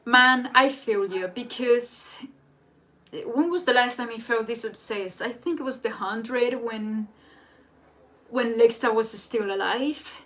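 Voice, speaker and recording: A young woman, a native Spanish speaker, hosting a casual live chat in an excitable, rambling way. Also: a little high, slow pace. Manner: excitable and rambling, with frequent restarts. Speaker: livestream host. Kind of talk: casual live chat reading viewer comments.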